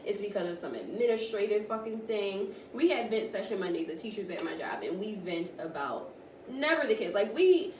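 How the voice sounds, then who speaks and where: A woman co-hosting a casual podcast chat, telling stories in an animated way and often laughing. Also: medium pitch, brisk. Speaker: podcast co-host. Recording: roomy, distant mic, faint noise.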